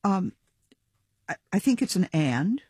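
A woman's voice: lowish voice, sing-song, measured pace, mellow, slightly rough, no room sound, studio quality. A woman scientist answering questions in a radio interview, thoughtful and full of fillers and restarts. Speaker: guest geneticist.

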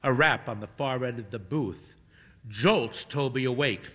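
A man narrating a comic story in a wry, animated way. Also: mid-range voice, measured pace, slightly rough, long reverb tail.

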